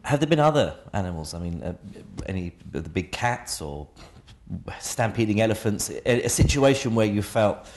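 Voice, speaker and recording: A man's voice: fairly low pitch, very animated, normal speed, a little mellow. A male interviewer asking curious, prompting questions. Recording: roomy with faint noise.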